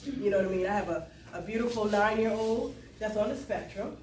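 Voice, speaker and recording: A woman's voice: medium pitch, fairly quick, a little mellow. Woman telling her story in an echoey hall. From US Lowcountry (South Carolina). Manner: emotional, conversational Southern storytelling with call to the crowd. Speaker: storyteller speaking at a cultural event. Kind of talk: personal testimony to a live audience. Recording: roomy sound from far off, faint room noise.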